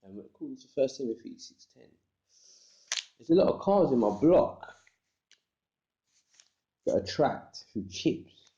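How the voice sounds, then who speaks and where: Guy rambling on about bible verses, dark voice, roomy dull recording. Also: medium pitch, big pitch swings, unhurried, long pauses. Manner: meandering, quotes scripture, street slang. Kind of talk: rambling religious monologue. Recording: echoey room, dull lo-fi sound.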